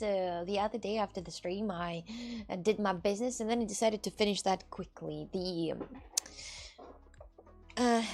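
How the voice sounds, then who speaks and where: Russian-accented woman streamer, rambling, chatty, mid-pitch voice, faint music underneath. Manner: rambling and chatty, with loose non-native grammar. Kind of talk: casual livestream chat with viewers.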